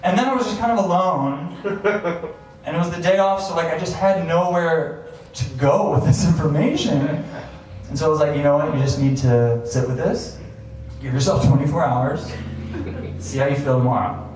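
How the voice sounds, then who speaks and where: Man in his thirties with a somewhat high voice, animated storyteller on a live stage, recorded from afar in a very reverberant room. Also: moderate pace. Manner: animated, acts out his own past thoughts with chuckles. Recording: very echoey, distant, faint hiss.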